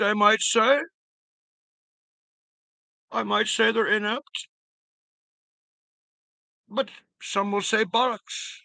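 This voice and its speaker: Man doing a hammy, plummy mock-British bloke, pitched up high, bright and teasing. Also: vocal fry, no echo, full character voice. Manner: exaggerated British slang, plummy delivery.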